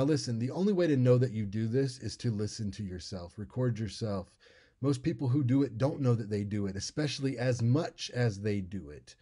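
American guy lecturing on how to give a speech, relaxed chatty teacher, warm mellow voice, says things twice. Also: mid-range voice. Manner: conversational, demonstrative, repeats key points. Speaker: public speaking instructor. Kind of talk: informal lecture.

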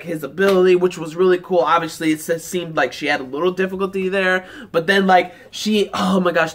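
Rambling, high-voiced young-sounding man. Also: fairly bright tone. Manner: rambling, enthusiastic, heavy use of "like" fillers. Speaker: anime reaction reviewer. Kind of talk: casual episode review.

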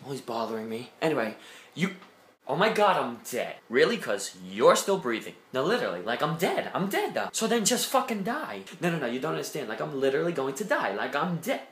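Young male sketch comic, foul-mouthed, bright and animated, room echo. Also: a little high, brisk, a little hiss or hum. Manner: loud, profane, swings from mumbles to shouts. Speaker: comedy video maker. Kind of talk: comedy sketches.

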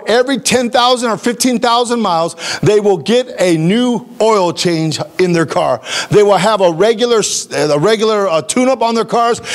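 A male pastor giving a sermon, emphatic and talking straight to his congregation. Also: high voice.

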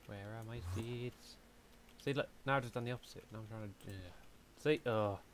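Young man, low voice, casual gaming commentary, mutters and hums to himself, faint keyboard clicks. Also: moderate pace, a little hiss or hum. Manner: chatty, talks to himself, hums and mutters while playing. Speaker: gaming YouTuber. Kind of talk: casual let's-play commentary.

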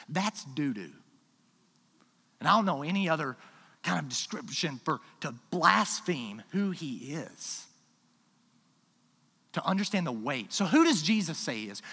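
Animated, bright-voiced preacher in a reverberant hall. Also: male voice, sits high, husky. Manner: emphatic, swings from quiet asides to loud declarations. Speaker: pastor. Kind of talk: sermon. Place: church sanctuary.

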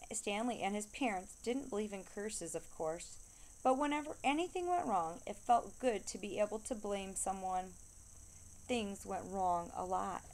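A woman reading a children's novel aloud, steady storytelling that slows down to stress repeated refrains. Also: medium pitch. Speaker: reader.

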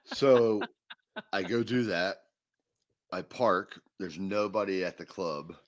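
A man's voice: low voice, slow. A man co-hosting a podcast, telling a long funny story in casual chat and laughing through the punchlines. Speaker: podcast co-host.

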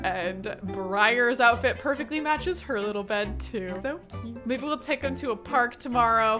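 A woman with a slightly high voice chats her way through a life-simulation game. She gushes and talks straight to her characters in a loose, casual way. Game music runs clearly underneath. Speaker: gaming video host. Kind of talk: casual gameplay commentary.

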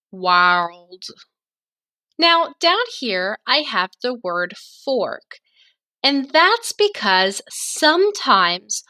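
A woman teaching a phonics lesson to young children, enunciating slowly and drawing out each sound. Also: on the high side, pushed and bright. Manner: slow, clearly enunciated, drawn-out sounds.

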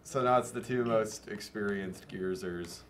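A man's voice: lowish voice, measured pace, a crowd in the background. A young man co-hosting a live gaming show with dry, self-deprecating jokes. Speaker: co-host. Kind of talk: casual banter while gaming.

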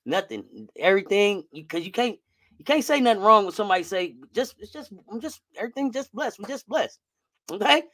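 A young woman athlete giving soft, flat, dutiful answers that dodge every question, as a woman mocks her. The voice is quiet and evasive, and the delivery is understated rather than a big caricature. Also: mid-range voice, fairly quick, no echo, studio quality, pitched above the performer's own voice. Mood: mock-humble.

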